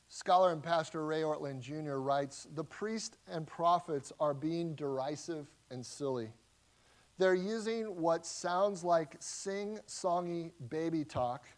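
A man delivering an expository sermon as a pastor, teaching verse by verse in a conversational, animated way with frequent restarts. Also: fairly high pitch.

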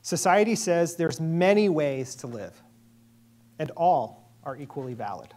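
A man preaching a sermon as a pastor, earnest and measured, with emphatic pauses. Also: fairly high pitch, sing-song, a little mellow.

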